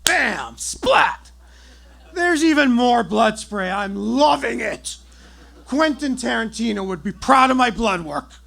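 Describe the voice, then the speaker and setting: A man tells a comic story live on stage with theatrical flair. His voice is gravelly and husky, swinging widely in pitch as he builds each moment. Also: expressive, takes it slowly, sharp tone.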